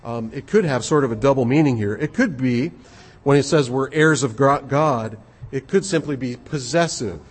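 A man preaching an expository sermon, earnest and measured, often repeating his words. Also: mid-range voice, slightly rough. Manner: earnest, measured, with frequent repetitions.

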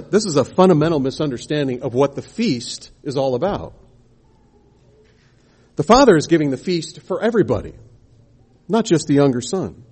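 A man's voice: fairly high pitch, a little mellow, breathy edge. A man preaching a sermon, explaining scripture and posing rhetorical questions to the congregation.

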